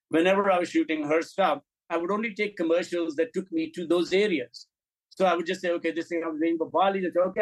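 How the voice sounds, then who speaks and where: A man, a film and commercial director, telling anecdotes in an interview, animated and blunt, acting out dialogue and swearing now and then. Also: on the high side, low-quality recording. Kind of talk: interview storytelling.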